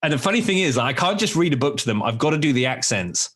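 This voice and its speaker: A young adult man hosting a podcast, telling rambling, animated stories in casual chat with many restarts. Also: medium pitch, fast talker. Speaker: podcast host.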